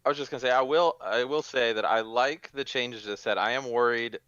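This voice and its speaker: A man's voice: mid-range voice, a little fast, a bit bright, clean tone, no room sound, muffled recording. A man guesting on a casual gaming podcast, giving careful, hedged opinions on game changes. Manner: thoughtful, hedging opinions.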